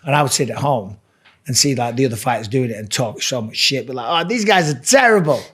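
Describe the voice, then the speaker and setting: Animated English man telling stories. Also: mid-range voice, fast talker, slightly rough. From England. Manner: animated storyteller, swears freely. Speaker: guest. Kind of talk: casual podcast chat.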